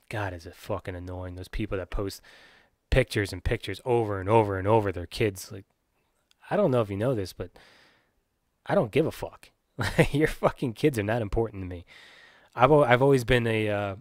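A man's voice: fairly low pitch, dry recording, studio quality. A man from Pennsylvania, hosting his own podcast and ranting in a profane, rambling way, full of restarts and fillers. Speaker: podcast host.

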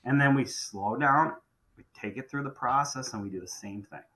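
A man's voice: mid-range voice, normal speed, pushed and bright, low-quality recording. A middle-aged man who runs a contracting business, talking emphatically on a podcast and often repeating phrases as he restarts. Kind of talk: podcast conversation.

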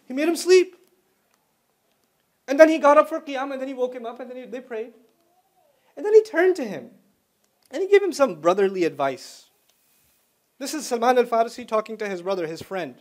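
Casting note: male Islamic lecturer with a high voice, chatty storytelling, quick Arabic recitation. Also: animated. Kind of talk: Islamic lecture to a student audience.

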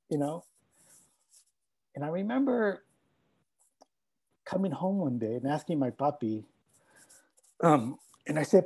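Husky-voiced man telling a heartfelt story. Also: on the high side, expressive, measured pace, long pauses, mellow, rough recording. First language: Spanish. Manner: reflective, heartfelt, mixing in Spanish phrases. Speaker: scholar and speaker. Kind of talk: personal storytelling talk.

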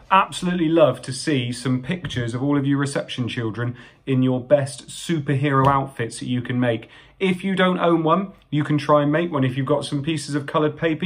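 A man, a teacher reading a picture book and talking kindly to young children. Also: fairly high pitch. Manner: animated, warm-hearted storyteller talking to small children.

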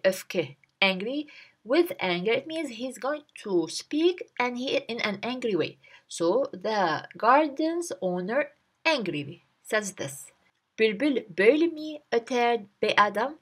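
A woman with a medium-pitched, slightly bright voice teaches a language by reading a short story aloud. She reads a line, then translates it and breaks down each word and phrase.

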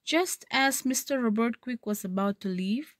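A woman's voice: on the high side, normal speed, no echo. A woman teacher who reads a story passage aloud, then paraphrases and explains it, checking with "okay". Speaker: literature teacher.

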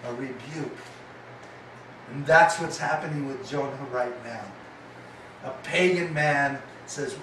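This preacher speaks slowly in a medium-pitched voice with long pauses, though he turns animated when he acts out the quoted voices in his sermon's stories. Captured from afar in an echoey hall, the recording has background noise.

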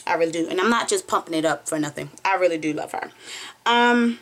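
A woman's voice: lowish voice, fast. Bubbly young Southern woman unboxing. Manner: chatty, bubbly and excitable, squeals with delight. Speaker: beauty vlogger. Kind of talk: casual unboxing vlog. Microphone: phone camera. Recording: noisy phone recording with crinkling packaging.

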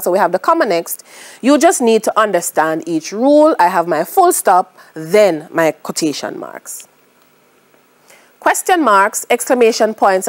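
Lively woman teaching punctuation. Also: medium pitch. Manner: explains step by step, often checking with "right?"; reads out example sentences slowly. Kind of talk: recorded English grammar lesson.

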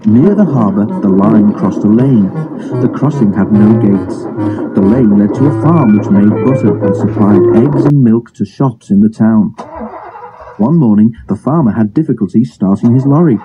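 Male storybook narrator: steady reading, lo-fi phone sound, music underneath. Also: on the low side, normal speed. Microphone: old phone. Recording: dull lo-fi phone recording.

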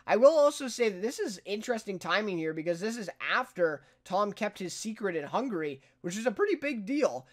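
Young male reviewer, light high voice, casual filler-laden recap. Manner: chatty, filler-heavy, laughs while retelling scenes.

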